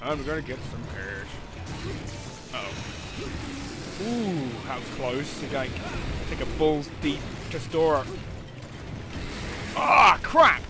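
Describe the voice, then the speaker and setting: A man giving casual gameplay commentary, excitable, often laughing and shouting at near misses. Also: mid-range voice, slow, long pauses. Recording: game music playing loudly underneath.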